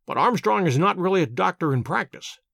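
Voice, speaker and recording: A shrewd, unflappable detective read by a man questions in measured, courteous, dryly ironic phrases. The voice is fairly high and lively, recorded dry and close. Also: gravelly, dry recording, heavily acted. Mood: wry. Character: shrewd, calm male detective, dry and wry.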